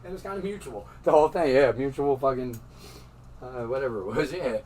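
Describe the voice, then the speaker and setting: A man's voice: medium pitch, brisk, mellow, recorded from a distance, slight background noise, low-quality recording. A man telling a rambling, profane story in casual talk, laughing often as he goes.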